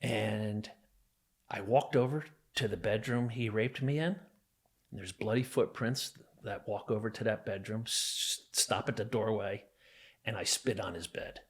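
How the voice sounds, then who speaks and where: Here a middle-aged man from New Jersey, guesting on a podcast, speaks a little slowly in a low-leaning voice with a breathy edge. His personal story, a violent memory, comes out intense, emphatic and vivid.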